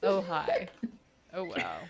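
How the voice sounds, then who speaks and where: A woman's voice: lowish voice, very animated, takes it slowly, creaky. A woman running a live tabletop game as game master, giving a playful, teasing recap to her players.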